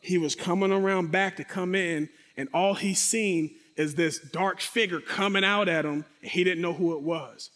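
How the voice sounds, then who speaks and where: A man with a fairly high voice tells a dramatic personal testimony. He speaks straight to his listeners and acts out sounds and voices as he goes. His voice rings with long reverb, as if in a large hall. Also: normal speed, few pauses. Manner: animated, acts out sound effects and quotes; addresses the audience directly.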